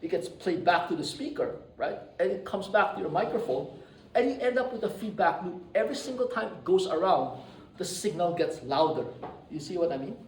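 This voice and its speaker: A man lecturing a class, animated and often checking in with his listeners. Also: high voice, a little fast, slight background noise. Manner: animated, keeps checking in with "right?" and "you see?". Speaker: university lecturer. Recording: echoey room, mic at a distance.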